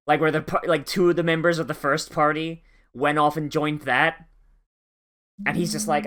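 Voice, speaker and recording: A man's voice: on the high side, flat delivery, normal speed, fairly bright tone. Young guy, anime reactor, rambling and sweary, sarcastic asides. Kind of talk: casual reaction commentary.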